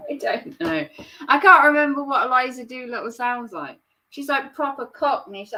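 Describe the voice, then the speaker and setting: Here the same sort of host, a thirtysomething woman with a Norfolk accent, laughs at herself while casually answering viewer comments. She speaks at a normal speed in a high, bright, forceful voice, recorded from a distance.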